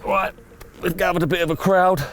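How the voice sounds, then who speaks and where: A young Englishman, an excitable carp angler, chatting outdoors by a large lake, swearing and chuckling. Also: high-pitched, fairly quick, a little hiss or hum. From England. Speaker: carp angler and channel presenter. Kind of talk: casual excited chat.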